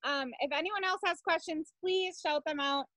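A woman's voice: high voice, normal speed, heavy background noise. A woman hosting a virtual wine class, upbeat as she thanks the guest and explains pre-orders. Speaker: wine shop class host. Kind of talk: casual chat on a video call. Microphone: video call.

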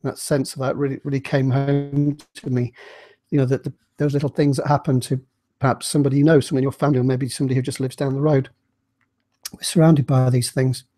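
Mellow-voiced man with a slight cold. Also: mid-range voice, level tone, quick pace. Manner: thoughtful, conversational, rambling. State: slight cold, clears throat. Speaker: book reviewer. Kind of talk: casual book discussion with a read-aloud.

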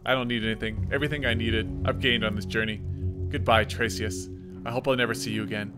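A man voicing a calm, proud tauren hero in a game, speaking low, flat and stern. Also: fast talker, natural voice. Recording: game music behind.

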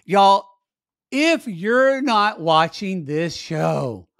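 A man's voice: high voice, big pitch swings, very slow, vocal fry, a bit bright, no room sound, clean studio sound. A man co-hosting a casual podcast, wryly narrating reality-show scenes. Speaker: podcast co-host. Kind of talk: casual chat recapping reality TV.

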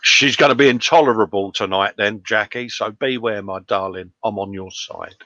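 A bright, forward man chats on a home livestream and reads viewer comments aloud with cheeky humour. The sound is dry and a little dull, as if from a modest home mic. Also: lowish voice, normal speed, dry recording. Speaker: livestream co-host reading chat. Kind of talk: casual chat. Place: home workshop.

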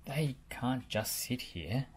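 A brave, eager talking dumper truck from a children's story, as a woman reads him out. He chugs and rattles in a low, soft, breathy voice. His delivery is slow but lively. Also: exaggerated voice.

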